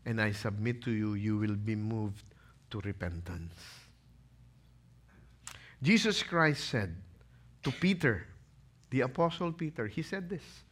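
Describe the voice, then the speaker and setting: Slow, bright-voiced pastor. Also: male voice, fairly low pitch. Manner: expressive, dramatic storytelling. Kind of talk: sermon.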